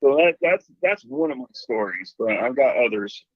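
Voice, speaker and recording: A man calling in to a show and telling a ghost story in an animated way, acting out the voices he quotes. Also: mid-range voice, normal speed, no room sound. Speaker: caller. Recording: dull phone line.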